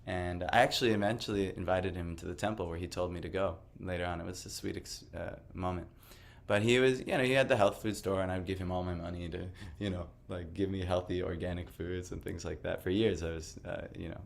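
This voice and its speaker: A man's voice: low-pitched, fairly even intonation, fairly quick, gravelly, hardly any pauses. A man giving a casual personal testimony talk, rambling with lots of fillers and a self-amused tone. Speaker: devotional speaker.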